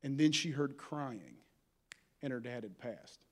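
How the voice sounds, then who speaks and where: A man's voice: mid-range voice, animated, measured pace. A man preaching a sermon as a pastor, in a folksy, humorous style with building fervor.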